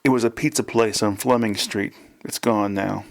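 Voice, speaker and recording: A large bearded man speaks with dry humor and a gruff edge, as a man reading a novel voices him. He sounds like an ordinary man of middle years. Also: lowish voice, fairly even intonation, moderate pace. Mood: wry. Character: big bearded middle-aged man, wry.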